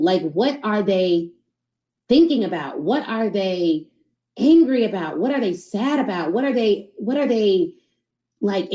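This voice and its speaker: A woman in her thirties who hosts a podcast, giving casual, animated sales coaching to her live audience. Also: mid-range voice, echoey room, poor audio. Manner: animated, conversational, addresses audience as y'all.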